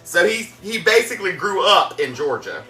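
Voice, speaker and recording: Southern woman, South Carolina twang, bright tone, chatty cooking-stream host who laughs a lot. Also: lowish voice, big pitch swings, normal speed, faint music behind. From South Carolina, USA. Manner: chatty and folksy, laughs often, greets viewers warmly. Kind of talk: casual chat while cooking live.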